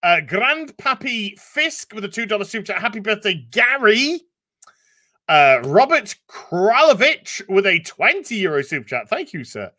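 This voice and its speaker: Man, casual live-stream co-host, swears a lot, lively pitch, fairly high voice. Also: normal speed. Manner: profane, laughing, animated. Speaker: livestream co-host reading super chats.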